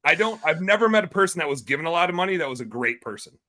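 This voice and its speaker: Excitable man, bright lively voice. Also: fairly high pitch, rapid-fire. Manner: energetic, excitable, swears casually. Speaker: guest entrepreneur. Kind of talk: casual podcast conversation.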